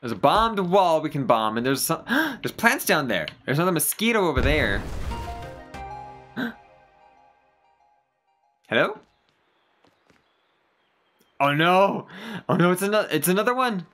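An excitable gamer talks through a playthrough in casual commentary, gasping and exclaiming at every turn. The voice is bright and edgy and leaps across a huge pitch range, with faint music playing underneath. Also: unhurried, long pauses. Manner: excitable, gasps and exclaims often; swears casually. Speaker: let's play gamer.

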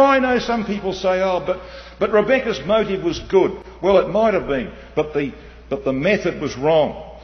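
A man preaching an animated sermon, swinging between loud emphasis and quiet asides. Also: a little high. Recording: dull, muffled hall with long reverb.

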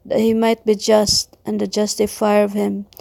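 A woman reads devotional passages in a slow, measured recitation. Her voice is mellow with a gravelly edge, and her pitch barely moves. The recording is dry and close. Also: monotone, no room sound. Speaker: devotional reader. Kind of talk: scripted devotional reading.

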